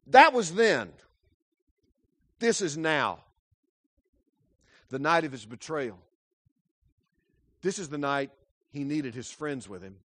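A male pastor preaching a sermon, dramatic, swinging between loud emphasis and hushed asides. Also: sits high, no echo.

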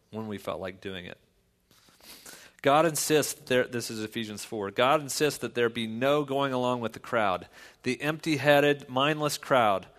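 Pastor preaching in an echoing hall. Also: male voice, medium pitch. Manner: conversational storytelling, swings loud and emphatic. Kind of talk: sermon.

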